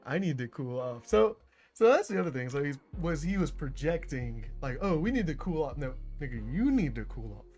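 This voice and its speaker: A man's voice: fairly high pitch, expressive, a little fast, a little mellow, soft background music. A man hosting a reaction video, chatting casually about clips, laughing often and mocking quotes. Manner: laughs often, mocks quotes in put-on voices.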